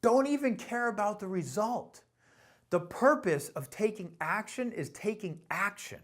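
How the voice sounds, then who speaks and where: A man giving an emphatic motivational talk as a sales coach, pushing listeners to act and swinging from hushed lines to punchy commands. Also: sits high, lively intonation, measured pace.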